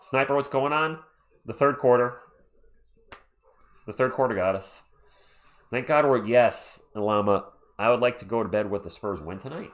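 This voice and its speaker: Man, livestream host, casual play-by-play, excitable, chatty, reads chat aloud, desktop mic, home. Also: mid-range voice, moderate pace, pauses often. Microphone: USB desktop microphone.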